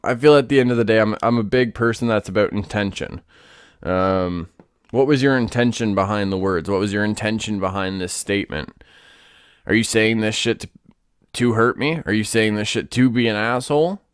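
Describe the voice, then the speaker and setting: A man hosting a solo podcast, ranting in a casual, profane and animated way. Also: lowish voice, moderate pace, clean tone, no echo, studio quality. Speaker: podcast host.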